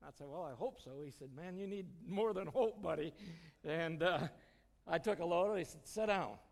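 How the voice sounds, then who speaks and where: Middle-aged male church speaker, folksy storyteller, slightly high voice, reverberant hall. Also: moderate pace, gravelly, a little mellow. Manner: folksy, storytelling, chuckles often. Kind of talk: informal sermon with personal stories.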